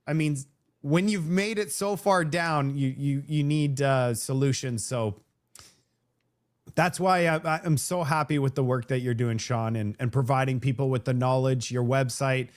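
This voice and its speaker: This live-stream host is a man from Canada, a native French speaker with a Vancouver French-Canadian accent. His mid-range voice moves at a moderate pace as he chats casually, rambling with frequent restarts and fillers.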